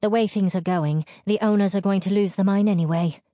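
A woman's voice: medium pitch, a little fast, dark tone, no echo, studio quality, pitched above the performer's own voice, close to an everyday voice. A woman voicing an anxious, outspoken young wife and mother, blunt and pressing. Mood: urgent. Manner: blunt, pressing, raised and urgent.

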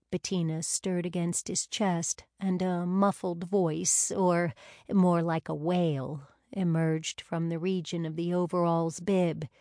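A woman narrating a novel in a measured, unhurried reading. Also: on the low side, warm tone, no echo, clean studio sound. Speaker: audiobook narrator. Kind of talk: scripted narration.

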